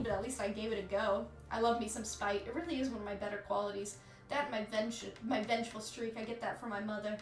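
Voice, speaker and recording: A candid woman in her thirties, chatting to her stream with a slightly high voice and swearing freely. The room is echoey and faint music plays behind her. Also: a bit bright. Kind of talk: casual chat with live chat.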